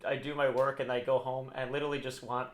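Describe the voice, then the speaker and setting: A man's voice: medium pitch, fast talker, a crowd in the background. A man co-hosting a podcast, chatting casually and rambling with frequent restarts. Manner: rambling, restarts often, animated when laughing. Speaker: podcast co-host. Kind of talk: casual chat. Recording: echoey room.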